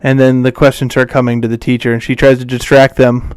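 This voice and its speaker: Smooth-voiced man recapping a movie. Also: medium pitch, flat delivery, darkish tone, dry recording. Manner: retells scenes acting out the lines in quick quotes. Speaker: podcast co-host. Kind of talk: casual movie recap chat.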